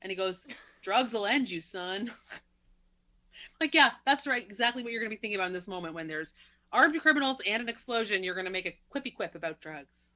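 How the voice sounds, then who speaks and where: A woman's voice: mid-range voice, expressive, fast talker, sharp tone. A woman co-hosting a movie podcast in casual chat, wry and sarcastic, laughing between her remarks. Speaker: podcast co-host.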